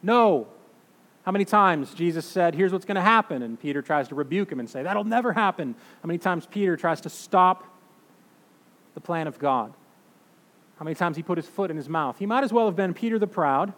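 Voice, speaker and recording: A man in his thirties or forties preaching a sermon, emphatic, swinging between loud declarations and hushed, slow phrases. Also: a little high. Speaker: pastor. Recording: long reverb of a large hall.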